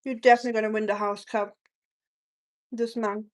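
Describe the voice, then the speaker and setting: A woman's voice: a little high, little pitch movement, a little fast. A woman from Germany with a German accent, chatting casually on a cooking live stream and reading viewer comments aloud.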